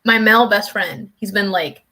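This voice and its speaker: A woman in casual chat, relaxed and talkative, quoting friends and family with a laugh. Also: medium pitch, moderate pace.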